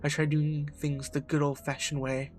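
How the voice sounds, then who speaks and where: A man's voice: on the high side, little pitch movement, moderate pace, soft background music, close to an everyday voice. A man voicing a taunting female demon. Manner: taunting, mocking. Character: teasing cruel female demon, once a lover.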